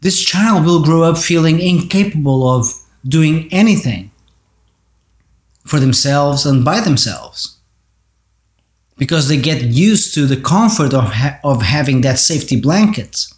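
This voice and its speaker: A man's voice: fairly high pitch, lively intonation, measured pace, a little mellow. Earnest man speaking in an echoey room. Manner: earnest, addressing parents directly. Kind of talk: monologue on parenting. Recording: roomy echo.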